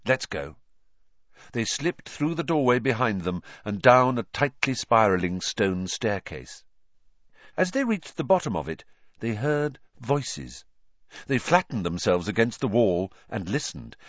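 A man narrating an audiobook in a lively, dramatic reading style, putting on character voices. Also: mid-range voice, measured pace, no room sound, lo-fi sound.

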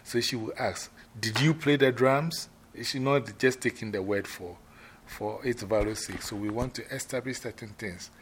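A man explaining the parts of a planned drumming performance to a fellow performer, halting and restarting as he thinks aloud. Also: lowish voice, slight background noise. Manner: halting, with many fillers and restarts while he plans aloud. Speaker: performer leading a rehearsal.

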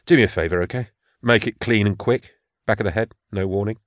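A man voicing a cool, laconic male bounty killer who talks in a relaxed drawl. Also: fairly low pitch, a little fast, dry recording, clean studio sound, lightly acted. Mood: easygoing.

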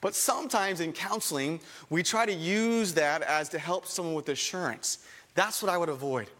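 A pastor teaching a church audience in a conversational sermon style, acting out short dialogues with different voices. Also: male voice, fairly high pitch, moderate pace, fairly bright tone. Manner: conversational, acts out little dialogues. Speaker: pastor teaching soul-winning. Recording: long reverb of a large hall.

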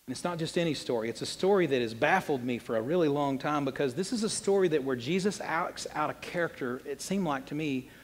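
A man preaching a sermon as a pastor, animated, swinging between loud emphasis and quiet asides. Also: fairly high pitch, in a large hall. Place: church sanctuary.

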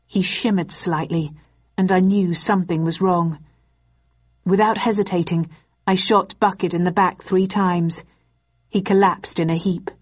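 Low-voiced woman narrating a novel. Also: husky, muffled recording. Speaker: audiobook narrator. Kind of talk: first-person novel narration.

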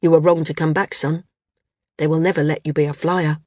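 A woman voicing a grey-haired middle-aged male judge who speaks gravely and with measured pity. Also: deep voice, little pitch movement, darkish tone, no echo, studio quality.

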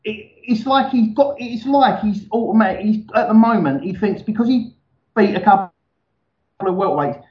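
A man's voice: high voice, moderate pace. Rambling man on an echoey, dull call line. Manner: rambling, hedging with fillers. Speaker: guest on a call. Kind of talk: casual chat.

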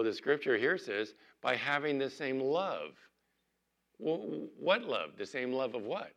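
An older man, a pastor, preaching an earnest sermon and slowing down to read scripture aloud. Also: mid-range voice, fairly bright tone.

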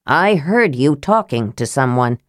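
A woman voicing a stern, suspicious male knight with a gruff, blunt, demanding way of talking. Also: rumbling low, very animated, measured pace, no echo, studio quality, pitched below the performer's own voice, exaggerated voice.

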